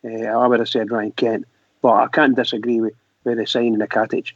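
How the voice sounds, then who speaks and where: A man on a radio panel, talking in a halting, hesitant way. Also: medium pitch, flat delivery, dry recording. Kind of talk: casual radio chat. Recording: dry, dull lo-fi audio.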